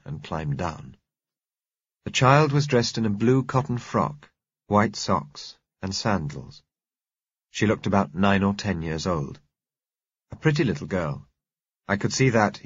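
A man reading a novel aloud in measured, grave first-person narration. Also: sits low, slightly rough, no room sound, dull audio. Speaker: audiobook narrator.

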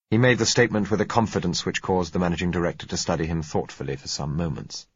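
Man, audiobook narration, measured and even, husky voice, dry close sound. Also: extremely low pitch, dry recording, dull audio. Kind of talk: scripted narration.

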